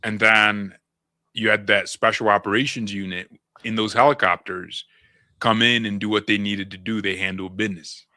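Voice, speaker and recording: A man's voice: lowish voice, steady tone, moderate pace, bright, forceful tone, dry recording. A man co-hosting a live stream, chatting casually about breaking news with slang and frequent laughs. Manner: joking, laughs often, slangy.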